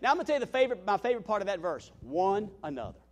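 A man preaching a sermon as a guest speaker in a church. He swings between loud emphatic calls and hushed tender asides, repeats his phrases and stumbles over restarts. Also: sits high, very animated, racing. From Southern United States. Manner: stammering restarts. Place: church meeting hall.

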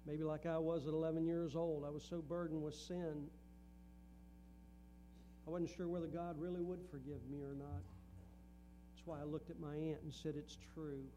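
Earnest preaching man, warm voice. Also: a little high, level tone, moderate pace, pauses often, slight background noise. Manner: earnest, rising and falling preaching cadence. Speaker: pastor. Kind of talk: sermon. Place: church sanctuary.

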